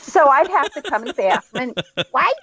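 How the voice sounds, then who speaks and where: A woman's voice: high-pitched, brisk, heavy background noise. A middle-aged woman, a guest author, chatting casually and telling stories with frequent laughter. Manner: laughs often, animated storytelling. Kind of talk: casual chat.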